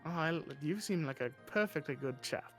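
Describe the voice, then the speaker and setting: Man playing Alastair, a smooth-talking traveler. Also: fairly high pitch, animated, moderate pace, a bit bright, soft background music. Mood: persuasive. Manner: smooth-talking, wheedling trader. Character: Alastair, a pushy male traveler seeking his friend.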